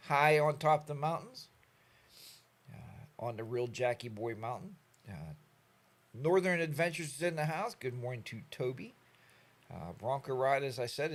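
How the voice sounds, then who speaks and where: Older male stream host, casual chatty delivery, lively up-and-down voice, middle pitch. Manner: rambling, jokey, animated storytelling. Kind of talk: casual chat greeting viewers.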